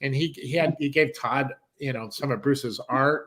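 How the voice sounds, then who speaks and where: A man with a fairly high speaking voice tells a long story with real animation. He acts out each person's lines in a voice of its own and swears in passing as he goes. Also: expressive, moderate pace, hardly any pauses, a bit bright. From San Diego, California. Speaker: guest, country music artist.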